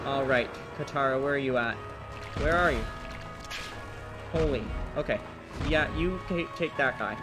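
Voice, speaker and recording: A man's voice: mid-range voice, unhurried, pauses often, poor audio. A man casually commenting on his speedrun while rambling through a joke, full of fillers. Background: game music.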